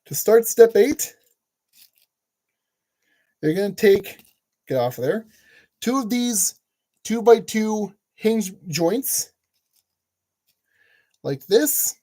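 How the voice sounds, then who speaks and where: Mellow, chatty man building a toy kit. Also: sits high, animated, extremely slow, pauses often. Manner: chatty and jokey, talking to himself while building. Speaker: channel host giving building instructions. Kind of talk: casual build tutorial narration.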